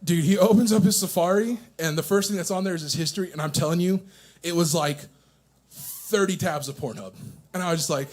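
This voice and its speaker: A man's voice: high-pitched, fairly quick. A nervous young man doing a stand-up set at a coffee shop open mic, profane and self-mocking, chuckling at his own jokes. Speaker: stand-up comedian.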